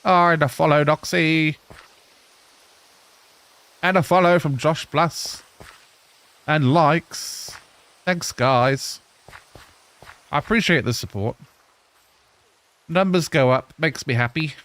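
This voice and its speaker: A man in his thirties from England with an English accent softened by Australian, chatting casually with viewers while playing a game live. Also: on the high side, takes it slowly, long pauses. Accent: English mixed with Australian. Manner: chatty, answers viewers, laughs often. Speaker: live streamer. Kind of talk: casual live-stream chat while gaming.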